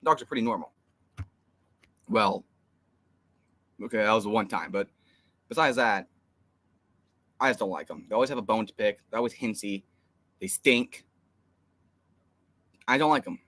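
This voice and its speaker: Rambling, exasperated young man, bright voice. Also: on the low side, normal speed, long pauses. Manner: rambling, exasperated storytelling with fillers. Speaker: co-host of a fan live stream. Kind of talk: casual live stream chat.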